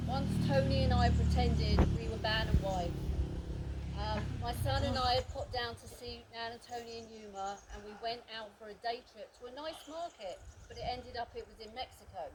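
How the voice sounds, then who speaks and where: Woman, eulogy, fond anecdotes, laughing, fairly high voice, noise behind. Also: moderate pace, a loud crowd. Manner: fond storytelling, laughing often. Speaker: friend giving a eulogy. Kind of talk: reading a memorial speech. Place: memorial gathering. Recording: noisy background.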